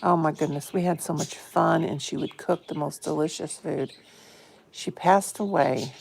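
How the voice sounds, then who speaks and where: Fifties woman hosting a casual phone live stream; low, gravelly and a touch hoarse, friendly chatter. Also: a little mellow, a little hiss or hum. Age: 50s. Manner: chatty, greets viewers by name with pet names. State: a bit hoarse. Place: home, indoors.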